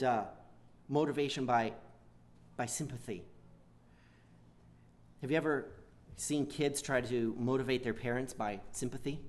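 A man preaching a sermon, often restarting and repeating words as he goes, and acting out the quoted lines in a pleading tone. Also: medium pitch. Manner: halting, repeats words, acts out quoted whining.

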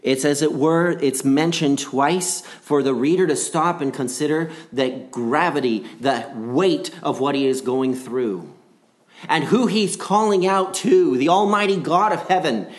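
A man's voice: on the high side, unhurried. A man preaching a gospel sermon in an earnest voice, repeating key phrases and swinging between rising and dropping delivery.

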